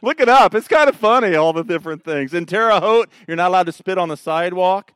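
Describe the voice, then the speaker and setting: A male pastor, preaching a sermon in an animated, joking way. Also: sits high, quick pace, clean tone, dry recording, studio quality. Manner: animated, joking storyteller who mocks the Pharisees.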